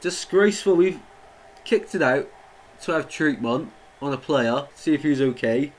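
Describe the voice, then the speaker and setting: A man's voice: medium pitch, moderate pace, a little hiss or hum, poor audio. Chatty young man streaming football commentary. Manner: chatty, greets viewers, gets indignant at play. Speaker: watchalong streamer. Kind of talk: live match commentary and chat.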